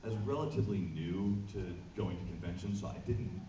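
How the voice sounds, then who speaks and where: A man, a voice actor, telling an animated anecdote at a convention panel, acting out voices, recorded from far off. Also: sits low, fairly quick. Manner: animated storyteller, acts out voices. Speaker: voice actor guest. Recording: echoey hall, distant muffled mic, noisy. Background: audience laughter, room noise.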